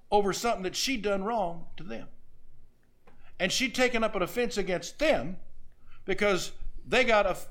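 A man's voice: high-pitched, a bit bright. A male pastor preaching a sermon, telling folksy stories and asking the audience questions.

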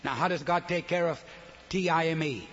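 Older preacher with a high voice in a reverberant hall. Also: male voice, normal speed. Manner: emphatic, swings between loud declarations and soft low asides. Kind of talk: sermon. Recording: long hall reverb, dull lo-fi sound.

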